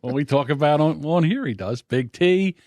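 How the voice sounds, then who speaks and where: A man hosting a casual podcast, his voice sitting a little high and bouncing around expressively. He jokes, teases his co-host and laughs easily. The sound is close and dry, with no room around it. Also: animated, normal speed, a little mellow, no echo. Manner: joking, laughs often, teasing.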